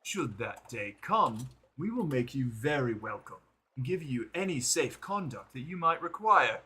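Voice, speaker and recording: A man's voice: medium pitch, big pitch swings, a little slow, bright, forceful tone, husky, full character voice. A man voicing a courteous, overly polite male envoy who speaks formally for his patron, in a video game reading.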